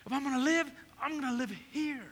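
A middle-aged man from Northern California, a pastor preaching a sermon testimony and acting out his own past conversations in an animated storytelling manner. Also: very high-pitched, fairly quick. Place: church hall. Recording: long reverb of a church hall.

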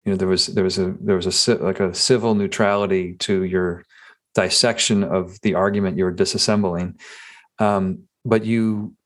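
Low-voiced, halting male podcast host. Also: little pitch movement. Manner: halting, many restarts and fillers. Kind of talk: casual interview chat.

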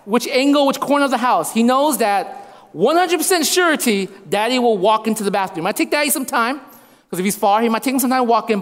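A man in his thirties preaching a sermon as a pastor, repeating lines for emphasis. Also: sits high. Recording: long reverb of a hall.

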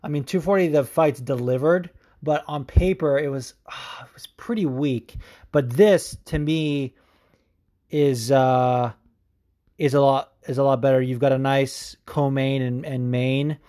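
Mellow-voiced man rambling casually. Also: medium pitch, fairly even intonation, unhurried. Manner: rambling and profane, heavy on "like". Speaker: podcast host. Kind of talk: casual chat.

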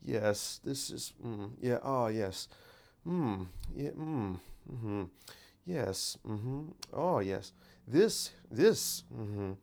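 A man puts on a pompous British public-radio intellectual who murmurs his approval in slow, hushed drawls. He speaks in a put-on British accent and sounds smooth and resonant. He keeps his voice soft and low, almost under his breath. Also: animated, full character voice. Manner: slow, hushed, drawn-out "hmm, yes" murmurs. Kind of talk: mock intellectual impression.

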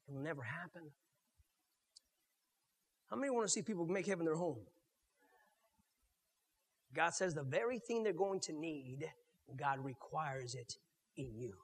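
A man pastor preaching a sermon, swinging from loud to murmured and mimicking churchgoers in quick mock voices. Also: fairly high pitch, lively intonation, breathy edge. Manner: preaching with sharp swings in loudness, dropping to near murmurs. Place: church sanctuary. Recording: long reverb of a church hall.

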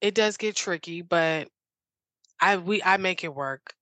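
A woman being interviewed speaks in an eager, rambling way, piling up "like"s and false starts. Her voice sits low and has a bright, tense edge, and the sound is dry and close. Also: measured pace, dry recording. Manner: eager, rambling storyteller with many "like"s and restarts. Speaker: interview guest. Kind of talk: casual interview chat.

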